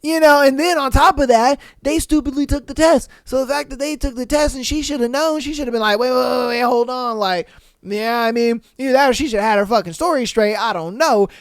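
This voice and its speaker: A man hosting a podcast, reading posts aloud and reacting bluntly in slangy talk with loud exclamations. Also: very high-pitched, brisk, no room sound, clean studio sound. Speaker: podcast host.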